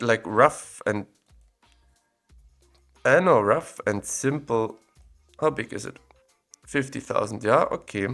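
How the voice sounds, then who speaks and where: A man giving casual, think-aloud commentary while exploring places on a map, recorded on a separate audio recorder. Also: mid-range voice. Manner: thinking aloud, relaxed and chatty.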